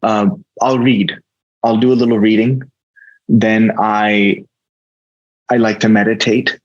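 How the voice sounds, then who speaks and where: An American actor, speaking as a guest in a casual interview, takes his time in a low voice with little pitch movement. He comes across as earnest and reflective and often restarts sentences. The recording has its highs cut off.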